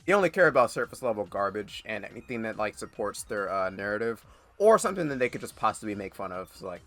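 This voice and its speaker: Bright, blunt man ranting. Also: lowish voice, sing-song, fast, faint music behind. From United States. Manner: blunt, sarcastic, swears a lot, stammers into rants. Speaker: reaction commentator. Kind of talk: reaction commentary.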